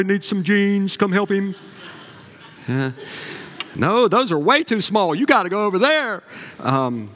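Pastor preaching in a reverberant hall. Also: male voice, medium pitch. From Southern US. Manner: folksy storytelling, animated asides. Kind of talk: sermon. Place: church sanctuary. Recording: long reverb of a large hall.

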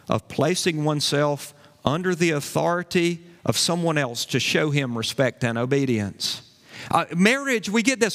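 A man's voice: high voice, a bit bright. A male pastor preaching a sermon, emphatic, repeating key phrases and asking his congregation questions. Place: church sanctuary. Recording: long hall reverb.

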